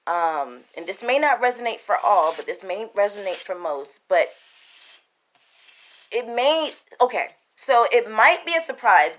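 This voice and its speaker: A woman with a middle-range voice talks through a tarot spread at home, casual and excitable. She speaks straight to her viewers as "y'all". A faint background hiss sits under the recording. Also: mid-range voice. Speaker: tarot reader. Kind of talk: casual tarot reading to camera.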